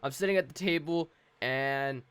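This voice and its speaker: A man's voice: mid-range voice, normal speed, smooth. A teenage boy telling a rambling story about his school day in casual gameplay commentary. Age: teens. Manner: rambling storytelling, animated and chatty. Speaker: gaming commentator.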